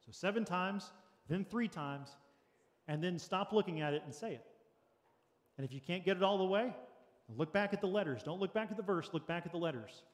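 Earnest pastor in a reverberant church. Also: male voice, sits high, a little fast. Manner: earnest, practical, lightly joking with congregation. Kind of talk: sermon. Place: church sanctuary.

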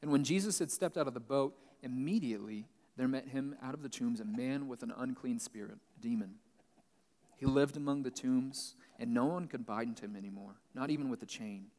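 A man's voice: mid-range voice, brisk, dark tone. A man pastor giving Bible teaching, reading a passage and then explaining it plainly. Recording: long reverb, large hall.

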